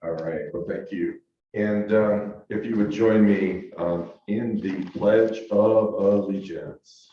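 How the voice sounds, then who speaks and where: A man leading a club meeting through the opening pledge and rituals in a measured, formal way. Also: fairly low pitch, steady tone. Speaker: meeting leader. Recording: echoey room, dull lo-fi sound, faint noise.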